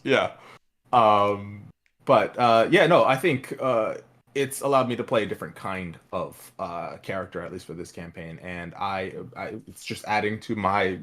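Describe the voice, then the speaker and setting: Hesitant man, slightly low voice. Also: measured pace, fairly bright tone. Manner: hesitant, many fillers. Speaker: podcast cast member. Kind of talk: casual chat.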